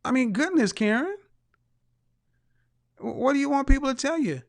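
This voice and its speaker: A man's voice: extremely high pitch, animated, moderate pace. A man hosting a live stream, reading viewer comments aloud and mocking them with teasing rhetorical questions and bursts of laughter.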